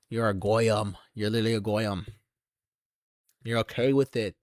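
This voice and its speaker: A young man ranting to camera in an aggressive, taunting, heavily profane monologue that swells into shouts. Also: fairly low pitch, steady tone, moderate pace, no echo, studio quality. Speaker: channel host.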